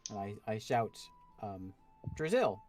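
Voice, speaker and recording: A man's voice: on the low side, brisk, a little mellow, soft background music. A man playing in a streamed tabletop game, hesitant and full of ums before he speaks as his character. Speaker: player. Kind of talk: casual tabletop play on stream.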